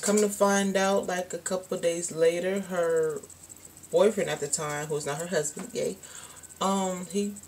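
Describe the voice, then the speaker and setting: A woman's voice: lowish voice, fairly even intonation, a little slow, a little mellow, slight background noise. Candid young woman rambling on camera. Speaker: vlogger. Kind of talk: casual storytelling to camera.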